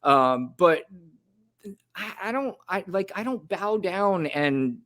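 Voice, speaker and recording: A man's voice: high-pitched, animated, slow pace, fairly bright tone. A man co-hosting a podcast, chatting casually about politics in a blunt, rambling way with frequent restarts. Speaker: podcast co-host.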